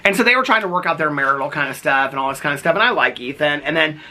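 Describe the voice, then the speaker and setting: A chatty man dishes on reality TV in a sassy, gossipy rant. His voice sits a little high and sounds bright and sharp. He keeps checking in with the listener as he goes. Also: expressive, rapid-fire. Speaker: reality TV commentator. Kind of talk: casual gossipy commentary.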